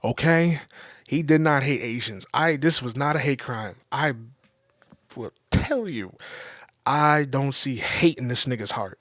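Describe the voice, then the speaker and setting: A man's voice: mid-range voice, a bit bright, no echo. Male solo podcast host, profane and heated commentary, mid range, dry close recording. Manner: profane, heated, emphatic with repetitions. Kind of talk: casual ranting commentary.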